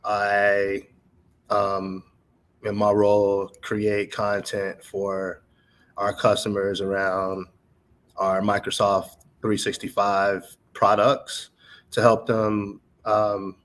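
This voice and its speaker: A man from North Carolina, a podcast guest who introduces himself in a measured way with many pauses and ums. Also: fairly low pitch, completely flat delivery, a bit bright. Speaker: guest, adjunct professor and content developer. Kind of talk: podcast interview.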